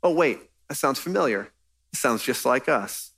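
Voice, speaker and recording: Animated, earnest male preacher. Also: mid-range voice, normal speed, gravelly, slightly rough. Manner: earnest, emphatic, conversational preaching. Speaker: pastor. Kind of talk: sermon.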